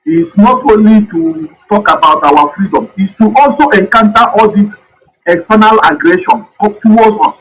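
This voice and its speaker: Agitated high-pitched male caller. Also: normal speed, poor audio. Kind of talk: heated call-in commentary.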